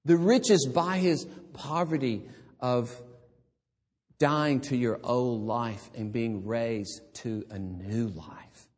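Slow, dramatic male preacher in a hall. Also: medium pitch. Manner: slow, dramatic swings between hushed and loud. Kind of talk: sermon.

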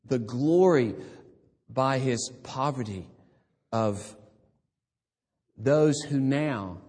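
A man preaching a sermon, swinging between hushed, quiet passages and loud, emphatic ones. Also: medium pitch, extremely slow, breathy edge, big-room sound.

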